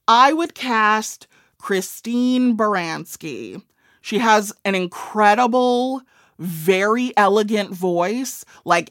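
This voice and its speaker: Slow, wry Midwestern woman in her forties. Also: medium pitch, a bit bright, no room sound, studio quality. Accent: Midwestern American. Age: 40s. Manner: wry, self-deprecating. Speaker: author and comedian. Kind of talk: casual interview chat.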